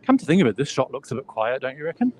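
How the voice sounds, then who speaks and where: Rapid-fire and a little mellow, this man's medium-pitched voice swings widely in pitch. He's a vlogger livestreaming a relaxed walk through an enormous indoor expo, chatting, laughing readily and musing aloud on his handheld phone.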